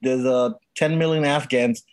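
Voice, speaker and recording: A man's voice: mid-range voice, fairly even intonation, normal speed, no echo. A man co-hosting a podcast in casual chat, jokey and prone to repeating his words. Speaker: podcast co-host.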